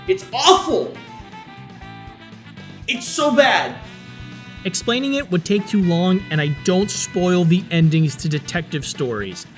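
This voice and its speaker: A man narrating a scripted video game review, sarcastic and exasperated. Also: sits high.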